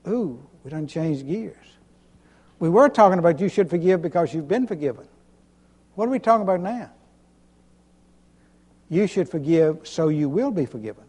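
A pastor preaching an emphatic sermon, repeating himself and chuckling between points. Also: male voice, a little high, animated, moderate pace, pauses often, darkish tone. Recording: long hall reverb.

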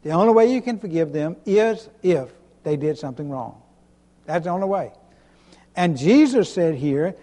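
A pastor preaching an emphatic sermon, repeating himself and chuckling between points. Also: male voice, a little high, expressive, moderate pace, warm tone. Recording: long hall reverb.

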